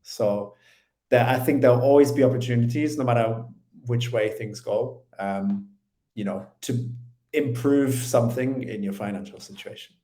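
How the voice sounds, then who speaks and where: A man's voice: mid-range voice, normal speed, mellow. A British man in his thirties, an interview guest talking in an easygoing way with many fillers. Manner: easygoing, filler-heavy, hedging. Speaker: interview guest, finance channel creator. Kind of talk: casual interview. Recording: echoey room.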